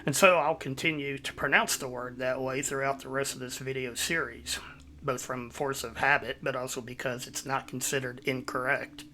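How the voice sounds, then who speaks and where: A man hosting his own video, giving a measured, explanatory voice-over. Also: mid-range voice, fairly even intonation, pushed and bright, slight background noise. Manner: measured, explanatory, citing sources. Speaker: YouTube host.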